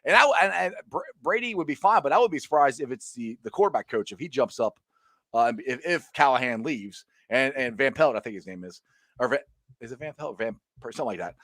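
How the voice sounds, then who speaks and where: A man's voice: medium pitch, expressive, fairly quick, fairly bright tone, dry recording. A male sports podcast host in casual chat who laughs easily and reads out viewer comments.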